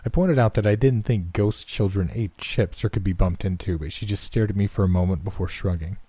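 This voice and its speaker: Man, horror story narrator, dark mellow tone, dry close sound, measured delivery. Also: low voice, slightly rough, no room sound.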